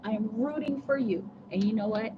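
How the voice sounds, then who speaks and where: A woman's voice: on the high side, a little fast. A woman hosting a casual livestream, chatting with viewers, laughing often and rambling with restarts. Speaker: tarot reader livestream host. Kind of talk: casual livestream chat reading comments. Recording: muffled lo-fi audio with clear background noise.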